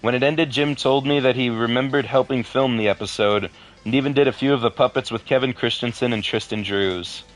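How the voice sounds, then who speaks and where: A man casually reading a horror story aloud for his video, breaking off for deadpan asides and the odd curse. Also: medium pitch, fairly quick. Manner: deadpan asides, swears in frustration.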